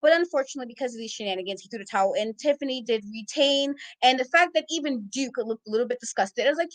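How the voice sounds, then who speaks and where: A woman co-hosting a casual wrestling talk show, ranting in a sassy, exasperated, animated way. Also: a little high, quick pace, hardly any pauses, no echo, rough recording. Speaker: podcast co-host. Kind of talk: casual wrestling recap rant.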